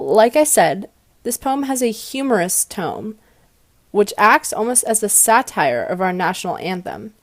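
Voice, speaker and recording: A woman giving a class presentation on poetry, explaining clearly and stressing her example lines. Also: medium pitch, no echo.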